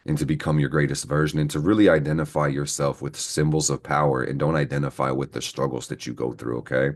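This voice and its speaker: A man giving a casual, profanity-laced astrology reading, rambling and venting heatedly as he talks to his viewers. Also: rumbling low. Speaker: astrology reader. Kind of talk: casual horoscope reading to camera.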